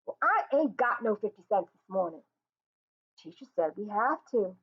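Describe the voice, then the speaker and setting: A woman reading as a sharp-tongued tired mother. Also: medium pitch, big pitch swings, moderate pace, breathy edge. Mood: scolding. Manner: scolding, blunt, impatient. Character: weary, sharp-tongued young mother and wife. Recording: tinny phone-like sound.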